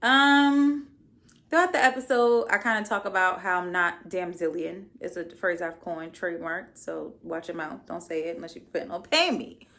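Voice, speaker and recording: A woman's voice: lowish voice, moderate pace, fairly bright tone. A young adult woman hosting her own podcast, giving a casual solo recap in a sassy, blunt and profane way with playful asides. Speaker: podcast host.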